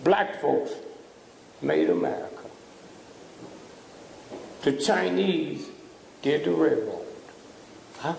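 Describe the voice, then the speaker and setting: An older man delivers a fiery lecture with a deeply gravelly, fry-laden voice that sits a bit high for a man. He preaches and prods the crowd with repeated questions. The sound is roomy, with a long hall echo and faint background noise. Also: sing-song, slow pace, long pauses, darkish tone. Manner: preachy, repeats "huh?" to provoke the audience. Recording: echoey hall from a distance.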